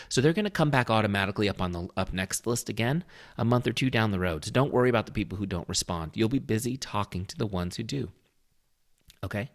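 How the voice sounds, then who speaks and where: A man walking viewers through a software tutorial in a coaching tone, often checking in with "okay?" and "right?". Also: on the low side. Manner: coaching tone, frequent check-ins with the listener. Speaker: software trainer. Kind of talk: screen-share tutorial walkthrough.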